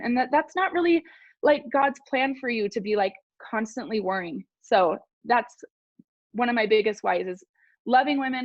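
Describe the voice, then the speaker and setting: A woman's voice: on the high side, no echo. A woman sharing a personal story on a group call, earnest and a little rambling. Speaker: team member sharing on a call. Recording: dull, dry call audio.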